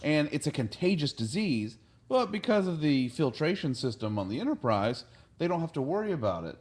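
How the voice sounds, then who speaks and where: A man's voice: a little high, big pitch swings, brisk. Casual man recapping with acted-out lines. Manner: loose retelling, acting out characters' lines. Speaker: podcast host.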